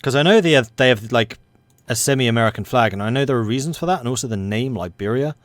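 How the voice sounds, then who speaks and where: A man commentates live on a strategy game, reading each event aloud in a put-on American accent that keeps slipping. Between readings he chats loosely with his viewers. His voice sits at a middle pitch and is recorded dry and close, with no room sound. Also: animated, fast, no room sound. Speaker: streamer playing a strategy game.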